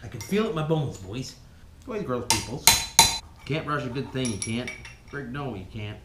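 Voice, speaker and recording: A man's voice: medium pitch, lively intonation, normal speed, heavy background noise. Folksy, swearing man in an echoey workshop. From Canada. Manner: folksy, swears a lot, keeps calling viewers "boys". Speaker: vlog host rebuilding an engine. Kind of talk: casual workshop vlog. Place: home workshop, working with tools. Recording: echoey room with loud tool clatter.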